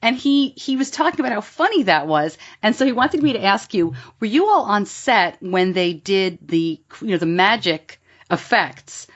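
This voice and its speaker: A middle-aged woman hosting a podcast interview, asking questions in a friendly, animated way. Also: medium pitch, normal speed, highs cut off. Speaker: podcast host. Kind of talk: casual interview.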